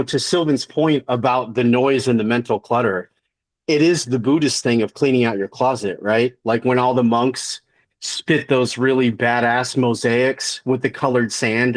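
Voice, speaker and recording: A man's voice: medium pitch, steady tone, moderate pace. An enthusiastic man riffing in a casual meeting, heavy on slang and stumbling over repeated words. His voice sounds dry and close, with no room echo. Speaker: meeting participant. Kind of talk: casual group discussion.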